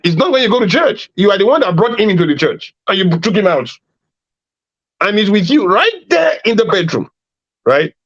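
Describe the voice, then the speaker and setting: A man's voice: high-pitched, sing-song, normal speed, fairly bright tone. A man from Nigeria giving an emphatic preaching talk to a youth conference, repeating phrases and acting out little dialogues. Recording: dull lo-fi sound.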